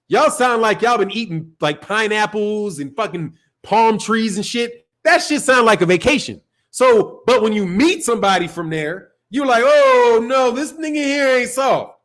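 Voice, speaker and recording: High-pitched chicago guy hosting a boxing live stream, rambling, swearing, laughing a lot. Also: lively intonation, normal speed, fairly bright tone. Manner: loose, profane, laughs often, rambling. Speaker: boxing channel host. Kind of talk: casual live-stream rant.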